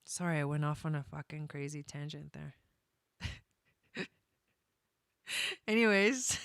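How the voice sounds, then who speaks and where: Young woman, chatty and bubbly, laughs a lot, smooth lowish voice, dry close sound. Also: slow, long pauses, bright, forceful tone, dry recording. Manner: bubbly, chatty, laughs often, goes off on tangents. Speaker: astrologer doing live readings. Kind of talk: casual live-stream chat.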